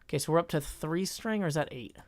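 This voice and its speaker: A man's voice: on the high side, fast, darkish tone. A man streaming a game live, chatting casually, thinking aloud, cutting himself off mid-sentence and answering chat. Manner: thinks aloud, self-interrupting, reads chat. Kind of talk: casual live-stream commentary while gaming.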